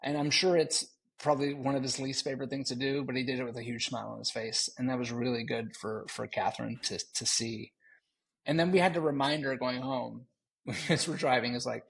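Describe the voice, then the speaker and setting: A man's voice: medium pitch, a little fast, vocal fry, fairly bright tone, slightly rough, rough recording. A middle-aged man co-hosting a podcast, telling stories in a rambling, easygoing way and laughing easily. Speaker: podcast co-host. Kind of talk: casual chat.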